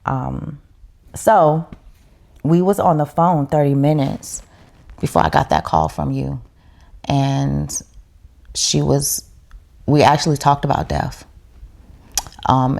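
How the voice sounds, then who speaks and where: A woman's voice: very deep voice, steady tone, takes it slowly, vocal fry, long pauses, a little mellow. A woman, a podcast guest, telling her story in casual chat in a heartfelt, reflective way.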